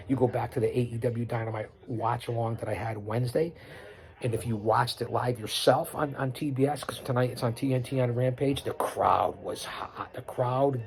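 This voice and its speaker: With a mid-range, darkish voice, a middle-aged man runs his own wrestling watch-along podcast, commenting live and unscripted. He brags, preaches, repeats points, and reels off lists.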